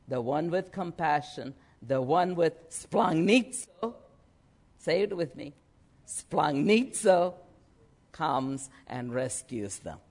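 Slow, lively male preacher. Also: a little high. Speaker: pastor. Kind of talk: sermon.

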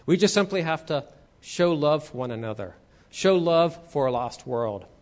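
A man's voice: fairly high pitch, lively intonation, normal speed, a little mellow. A man preaching a sermon as a pastor, teaching conversationally and reading scripture aloud.

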